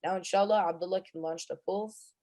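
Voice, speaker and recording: A man's voice: high-pitched, steady tone, fairly quick, dark tone. A male presenter who recites Arabic Quran verses, then explains them in English, with frequent fillers and restarts. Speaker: student presenter of Quran commentary.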